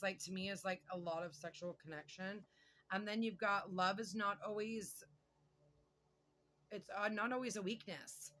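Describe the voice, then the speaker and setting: Woman tarot reader, bright edgy tone, loose and gabby, curses casually, thinks out loud. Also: medium pitch. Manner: chatty, excitable, swears casually, pauses to think aloud. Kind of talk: casual tarot card reading.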